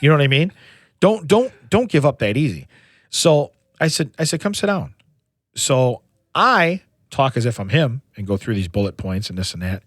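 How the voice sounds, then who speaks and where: A man's voice: medium pitch, lively intonation, a little fast, dry recording. A middle-aged man chats on a podcast and spins a long, rambling story. His voice sits in a middle register and sounds dry and close, with no room around it. He restarts his sentences often and keeps slipping in "you know". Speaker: podcast co-host. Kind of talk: casual chat.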